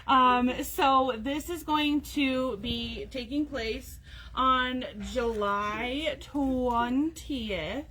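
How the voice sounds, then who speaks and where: A staff host for a sewing store runs a casual live video, chatting with plenty of fillers while reading out class details. Her voice sits high, bright and forceful, and she speaks extremely slowly over slight background noise.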